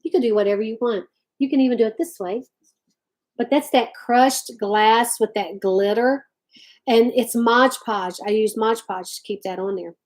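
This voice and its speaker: A woman's voice: fairly high pitch, moderate pace, a little mellow. A woman hosting a casual craft livestream from home, chatting and reading viewer comments aloud. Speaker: livestream host.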